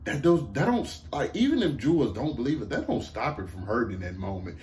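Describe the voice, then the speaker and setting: A man with a Southern American accent recapping a TV episode in a casual, excited, profane way, laughing often, slumped low in a seat at home. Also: a little fast, hardly any pauses, slight background noise. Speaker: TV review vlogger.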